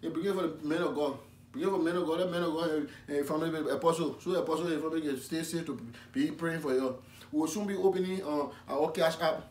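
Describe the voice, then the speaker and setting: A man doing a loud Liberian pastor. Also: on the high side, fairly even intonation, fast, a little hiss or hum, close to an everyday voice. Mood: pleading. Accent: Liberian English. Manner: exclaiming, repetitive, chanting refrains. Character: loud pleading Liberian pastor begging for offerings. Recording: echoey room from a distance.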